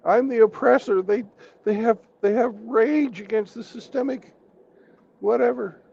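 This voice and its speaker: A man's voice: very high-pitched, unhurried, creaky. A man in a casual podcast chat, talking bluntly and swearing often. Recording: dull lo-fi sound with faint noise.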